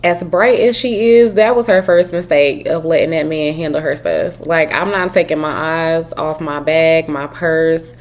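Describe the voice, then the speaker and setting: A woman with a lowish voice reacting to a story as the show's host. She talks in an emphatic, advising way, speaking straight to her viewers. Her delivery is casual and direct. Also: fairly even intonation, measured pace, few pauses, a little hiss or hum. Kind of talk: reaction commentary.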